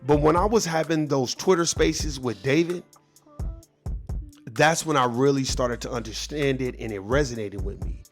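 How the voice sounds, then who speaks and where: A man's voice: medium pitch, moderate pace, soft background music. A man giving advice in a casual monologue, earnest and preachy, swearing freely and often repeating or restarting his words. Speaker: vlogger.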